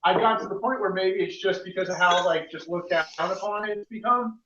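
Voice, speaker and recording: A man's voice: high voice, a little fast, background noise. A man chatting casually on a video call, talking loosely and swearing. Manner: casual, profane. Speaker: guest. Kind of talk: casual live-stream chat. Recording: distant roomy lo-fi call audio.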